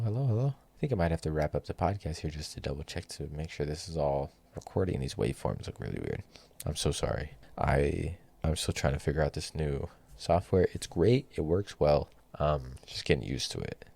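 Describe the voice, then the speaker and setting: Young male podcast host, deep and gravelly, rambling casual storyteller. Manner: rambling, animated anecdote with profanity and self-mocking laughs.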